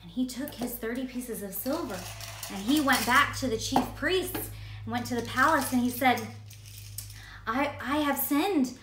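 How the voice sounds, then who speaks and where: A woman teaching a Bible story lesson with animated, playful storytelling. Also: a little high, moderate pace, echoey room, distant mic, background noise.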